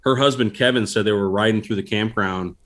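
A man telling stories in a casual interview, animated and laughing as he goes. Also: lowish voice, fairly quick. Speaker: guest. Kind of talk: casual storytelling.

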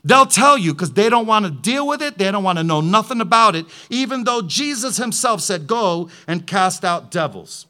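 High, bright-voiced man preaching. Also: lively intonation, brisk, hardly any pauses. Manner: impassioned storytelling, rising to fervent declarations. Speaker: pastor. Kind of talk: preaching testimony.

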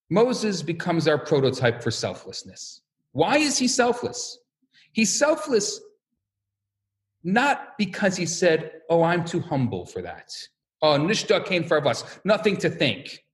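Animated male religious teacher, high-pitched, storyteller. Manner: storytelling, acting out voices, rhetorical questions. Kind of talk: animated sermon-style lesson.

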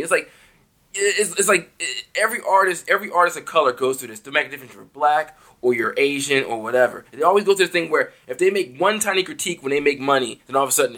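A man's voice: mid-range voice, expressive, quick pace, sharp tone. A young man co-hosting a podcast, talking heatedly and emphatically about music and swearing a lot. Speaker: podcast co-host. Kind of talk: casual music discussion.

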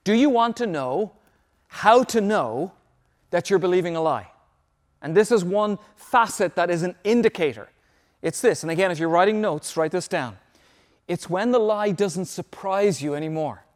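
A pastor with a high-pitched male voice delivers an emphatic sermon. He presses his points and repeats key phrases so the congregation can write them down. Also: lively intonation, moderate pace.

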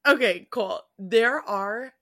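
A young adult woman co-hosting a podcast, chatting casually with a friend in a relaxed, lightly sarcastic way. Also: a little high, slow, creaky. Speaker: podcast co-host. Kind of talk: casual chat between friends.

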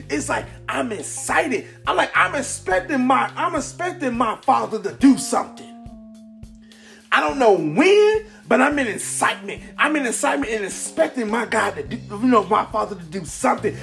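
A man hosting a casual, upbeat motivational talk, rambling excitedly with lots of fillers. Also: extremely high pitch, moderate pace, vocal fry, faint music behind. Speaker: podcast host. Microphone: camera mic.

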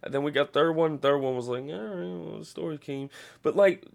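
A man with a gravelly, fry-edged voice rants through a casual podcast, swearing constantly and doubling back on his sentences. He gets animated and loud in bursts, then settles back into a rambling flow. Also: fairly high pitch, a little fast. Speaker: podcast host. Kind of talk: casual profane rant.

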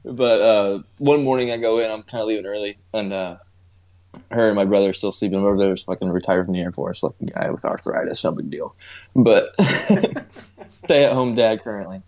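A man's voice: fairly low pitch, moderate pace, a little mellow. Laid-back, profane man in his twenties. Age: 20s. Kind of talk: casual storytelling chat.

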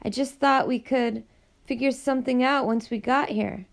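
A woman's voice: high-pitched, fairly even intonation, normal speed, gravelly, pitched above the performer's own voice. Woman voicing a scared hungry young girl. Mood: pleading.

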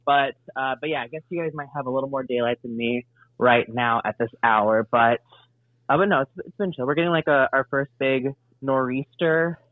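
A man's voice: medium pitch, moderate pace, no echo. Easygoing young man over a phone line. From Indianapolis, USA. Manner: easygoing, meandering. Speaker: comedian guest. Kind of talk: casual interview chat. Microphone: phone call. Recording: dry tinny phone line.

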